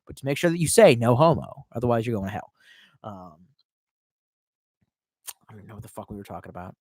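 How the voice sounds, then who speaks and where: A very animated man in his 20s with a fairly low voice talks at a quick pace on a casual live stream, reading chat comments. He sounds drunk, rambles, swears all the time and shifts from loud outbursts to quiet mutters, with clean studio sound and no room sound.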